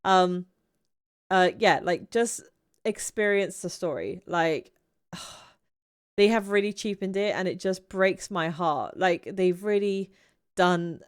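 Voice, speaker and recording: A woman's voice: fairly low pitch, slow, smooth. A young woman hosting her channel, reviewing a film in a casual, rambling way with frequent restarts and laughter. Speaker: YouTube channel host.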